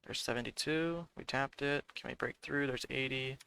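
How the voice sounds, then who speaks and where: A man's voice: medium pitch, normal speed, creaky, pushed and bright, smooth. A man giving live commentary on his own day trading, muttering prices and cursing when trades go wrong.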